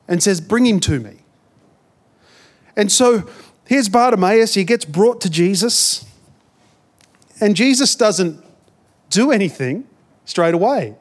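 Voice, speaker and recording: A high-pitched man with an Australian accent preaches as a pastor in a conversational style. He often repeats words as he builds toward a point.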